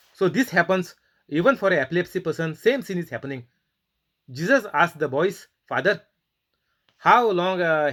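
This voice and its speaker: A man preaching a sermon, reading Bible verses and leading prayer, with many pauses and fillers. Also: a little high, fairly bright tone. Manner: halting, many fillers, emphatic rebukes.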